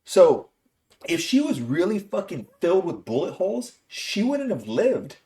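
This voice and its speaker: Male podcast host, ranting and profane, slightly higher voice, very animated delivery. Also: a little slow, over a noisy crowd. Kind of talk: casual movie review chat.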